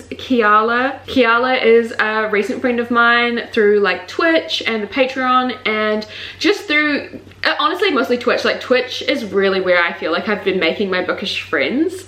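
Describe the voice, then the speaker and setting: A woman in her twenties, a book vlogger, chatting casually and gushing excitedly as she unboxes, with lots of fillers. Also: fairly high pitch, moderate pace. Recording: echoey room.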